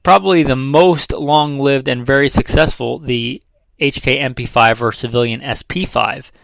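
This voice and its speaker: A man with a gravelly, mid-pitched voice explains his subject in an easy, conversational way. He repeats key numbers to make them stick and throws in dry, sarcastic asides. The sound is close and dry. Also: fairly even intonation, moderate pace, a bit bright, no room sound, poor audio. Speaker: firearms trainer. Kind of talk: casual instructional talk.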